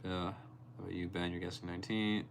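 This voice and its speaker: A young man with a low voice, hosting a casual live stream. He reads out his viewers' comments and answers them by name, and sometimes gets animated while telling a story. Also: quick pace, gravelly, slight background noise. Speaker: livestreamer reading chat.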